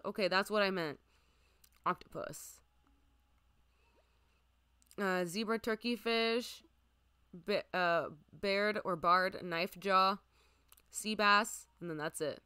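A young woman streaming a game, chatting casually and listing what she sees, sometimes dropping to a soft near-whisper. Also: medium pitch, takes it slowly, long pauses, smooth, no room sound. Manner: chatty, lists items aloud, drifts into soft near-whispers. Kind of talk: casual gameplay commentary.

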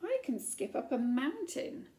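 A woman's voice: high-pitched, very animated, a little slow, dark tone. A woman voicing a spirited, defiant young princess in a children's story, boasting boldly. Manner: bold, determined boasting.

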